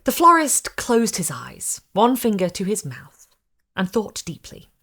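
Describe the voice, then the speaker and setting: A woman narrating a short story as a reader, telling it in a lively, dramatic storytelling way. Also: mid-range voice, unhurried. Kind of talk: expressive audiobook narration.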